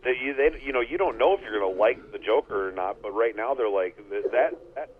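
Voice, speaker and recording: A man co-hosting a podcast, chatting casually with blunt, opinionated remarks and halting restarts. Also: mid-range voice, expressive. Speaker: podcast co-host. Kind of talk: casual chat. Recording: tinny phone-line sound.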